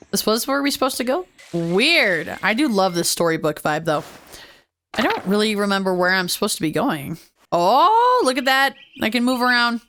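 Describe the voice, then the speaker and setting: A woman casually commenting as she plays a game, chatty and playful with quick asides. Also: mid-range voice, a bit bright, slight background noise. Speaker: let's play host.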